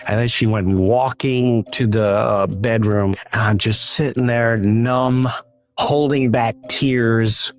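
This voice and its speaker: Brief: man, unhurried animated storyteller, medium pitch, faint music behind. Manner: unhurried, animated, acts out quotes. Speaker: storyteller at an open mic. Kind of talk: personal storytelling.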